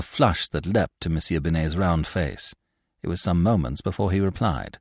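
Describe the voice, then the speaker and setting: A man narrating a classic novel in measured, theatrical storytelling style. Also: low-pitched, dry recording, studio quality.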